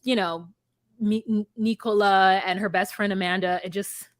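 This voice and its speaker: Woman co-host, blunt and profane, animated recap chat, dry close sound. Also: mid-range voice, moderate pace, no echo. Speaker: podcast co-host.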